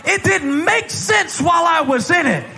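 A man preaching a fiery sermon in a large church, shouting in repeated refrains. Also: very high-pitched, lively intonation, normal speed, creaky. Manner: shouting, rising intensity, repetitive refrains. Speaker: pastor.

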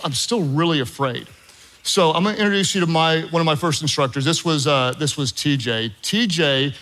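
Middle-aged guy preaching a sermon, telling stories, cracking jokes, kinda high voice. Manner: animated storytelling, jokey asides to the congregation. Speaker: pastor.

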